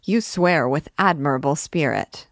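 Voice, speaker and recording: A woman's voice: low voice, lively intonation, measured pace, no echo, clean studio sound. A woman reading aloud, voicing a mischievous young male student with a playful, teasing manner.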